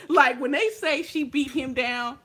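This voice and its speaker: A young woman from California telling a story in a casual, animated way, acting out what her friends said. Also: sits high, measured pace. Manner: animated, acts out friends' lines. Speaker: makeup vlogger telling a story.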